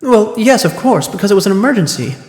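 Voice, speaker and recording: A man's voice: high-pitched, sing-song, fast talker, darkish tone, voice pushed up. A man voicing a flustered, defensive male juror as he reads a courtroom game aloud. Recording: echoey room with long reverb.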